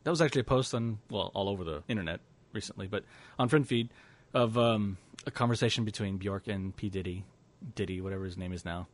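A man's voice: fairly low pitch, quick pace, hardly any pauses. A man co-hosting a podcast in casual chat, laughing often and restarting his sentences. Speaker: podcast co-host.

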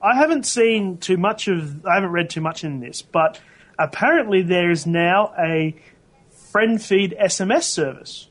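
A man's voice: high-pitched, animated, unhurried, fairly bright tone. A man, sounding, co-hosting a casual tech podcast, rambling and correcting himself as he goes. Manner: rambling, self-correcting, laughs often. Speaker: podcast co-host.

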